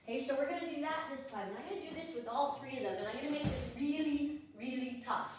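Woman dog trainer, high voice, snapping quick commands between explaining stuff, echoey room, kinda far from the mic. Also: background noise. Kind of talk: hands-on training demonstration. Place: indoors at home with dogs.

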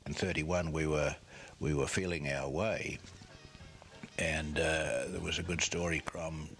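An older man spins a cricket yarn in a rambling, unhurried way. His voice sits extremely low and carries a husky edge, with plenty of fillers and asides along the way. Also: steady tone, a bit bright, faint music behind. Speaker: former cricketer recalling a tour. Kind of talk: anecdotal storytelling.

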